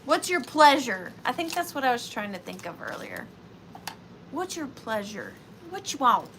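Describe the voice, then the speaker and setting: A woman's voice: on the high side, normal speed, slight background noise. A woman with a Southern US accent, hosting a live vintage sale, chatting playfully and counting down bids. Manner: chatty, playful, sing-song and animated, talking to buyers. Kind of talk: live auction stream chat.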